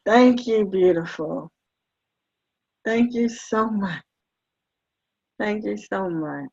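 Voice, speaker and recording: A woman's voice: medium pitch, slow, gravelly, long pauses, darkish tone, no room sound. A woman coaching a group on a video call, affectionate and effusive, repeating words of praise. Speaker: life coach. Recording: dry, dull video call audio.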